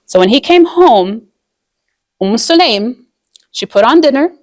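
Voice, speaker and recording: A woman's voice: a little high, expressive, a little slow, a little mellow, no echo. Chatty woman teaching on marriage, dry sound. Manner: chatty, frequent "like", acts out quoted voices. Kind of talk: casual religious lesson.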